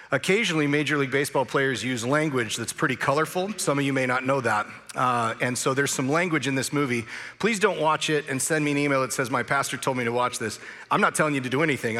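Guy pastor preaching in a big church, bright voice, lots of uhs, long hall echo. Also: medium pitch. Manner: conversational storytelling with frequent "uh" fillers. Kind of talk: sermon.

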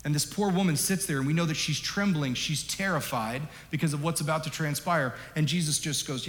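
A man preaching a sermon as a pastor, animated and emphatic, dropping low and rising up for stress. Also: brisk, hardly any pauses. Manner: animated, emphatic, varies loudness. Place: large church hall. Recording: echoey hall with long reverb.

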